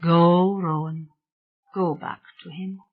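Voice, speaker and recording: An audiobook reader voicing a tall, sorrowful male spirit with a Scottish accent and a low, vibrant, whispery voice. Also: lively intonation, slow, gravelly, narrow, tinny audio, heavily acted. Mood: hushed longing.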